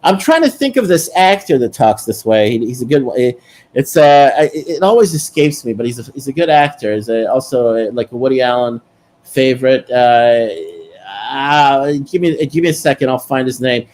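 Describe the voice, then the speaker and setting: A man from New York with a New York accent, talking casually as a guest, halting and rambling with many pauses and restarts. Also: mid-range voice, animated, darkish tone. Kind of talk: casual chat.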